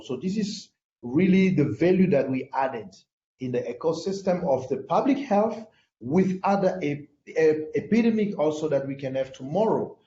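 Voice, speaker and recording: Man, French accent, native French speaker, hesitant with fillers, mellow tone, echoey muffled call audio. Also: fairly high pitch, slight background noise. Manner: hesitant, many fillers and restarts. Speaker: panel speaker. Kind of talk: online panel discussion. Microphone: video call.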